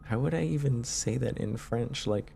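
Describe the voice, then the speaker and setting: A man's voice: mid-range voice, normal speed, vocal fry, warm tone, soft background music. A man in his twenties from Canada, chatting casually with his live-stream viewers and answering their questions with lots of fillers and restarts.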